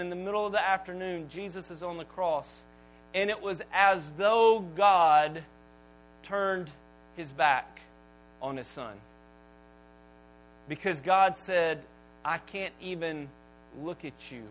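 A man preaching a sermon, swinging from hushed, slow phrases to loud bursts. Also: slight background noise, low-quality recording. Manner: dramatic pauses, drops to near-whisper, then booms. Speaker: pastor.

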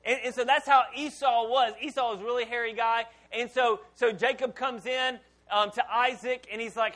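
Folksy high-voiced preacher man. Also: steady tone, fairly quick, few pauses, a bit bright. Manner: folksy storytelling with acted-out dialogue. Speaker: pastor. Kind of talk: sermon.

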